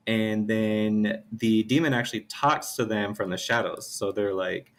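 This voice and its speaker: A man co-hosting a podcast, recapping an episode in a relaxed way with plenty of "um" and "you know". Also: on the low side, measured pace. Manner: relaxed, hedging with lots of fillers. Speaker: podcast co-host.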